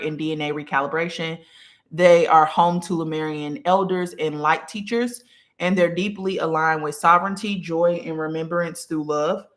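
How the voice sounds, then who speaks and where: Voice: mid-range voice, fairly bright tone. A spiritual teacher hosting a live stream, teaching casually from notes, often asking "okay?" and greeting viewers along the way. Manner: greets viewers mid-lesson. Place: small room with incense and a candle burning.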